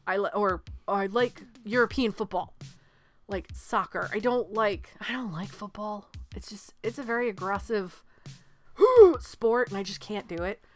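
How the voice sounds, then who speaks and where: A woman from New England in her thirties, co-hosting a casual movie podcast and telling stories with lively acted-out quotes and casual swearing. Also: medium pitch, normal speed, soft background music. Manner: animated storyteller, swears freely, acts out quotes. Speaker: podcast co-host. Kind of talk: casual chat about movies.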